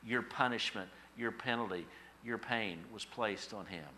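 Bright-voiced male preacher, dynamic delivery. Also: fairly low pitch, a little slow, a little hiss or hum. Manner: dynamic, swings from hushed to emphatic; repetitive, preacherly cadence. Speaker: pastor. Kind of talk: sermon.

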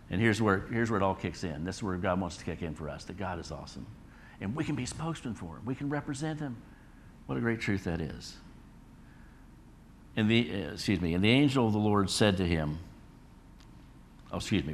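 A man's voice: fairly low pitch, slight background noise. A man preaching a Bible study sermon in a conversational way, often checking in with listeners. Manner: conversational, frequent "all right?" checks.

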